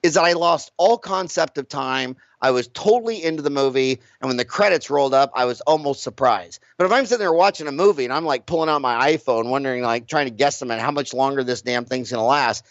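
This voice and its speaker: A man's voice: medium pitch, fast, hardly any pauses, no room sound. A middle-aged dentist, a man, talking bluntly and with emphasis as an interview guest, often repeating his words. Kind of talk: casual interview talk. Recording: dull lo-fi recording.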